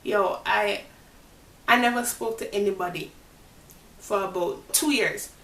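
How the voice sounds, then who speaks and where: A woman's voice: medium pitch, unhurried, a bit bright. Woman telling a dramatic storytime vlog. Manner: dramatic retelling, addresses viewers as "guys"; religious, speaks of faith and God. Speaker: vlogger. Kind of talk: storytime vlog, talking to viewers. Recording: roomy echo, distant mic, faint hiss.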